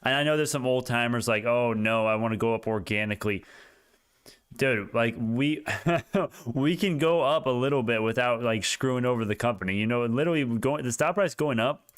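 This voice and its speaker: Young man, smooth voice, rambling livestream. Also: medium pitch, normal speed. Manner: rambling, excitable, frequent restarts and laughs. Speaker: stock market livestream host. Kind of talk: casual livestream commentary.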